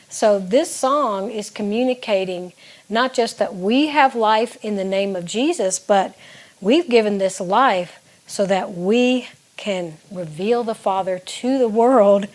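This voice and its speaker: A woman songwriter speaks straight to the viewer in a relaxed, chatty way. She explains her writing with earnest reflection, and her voice sits at an ordinary middle pitch. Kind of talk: casual talk to camera.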